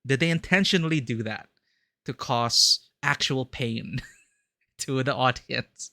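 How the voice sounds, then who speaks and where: A man streaming a horror game, chatting excitedly and laughing often as he plays. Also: medium pitch, slow pace, vocal fry, dry recording. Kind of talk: live gameplay commentary.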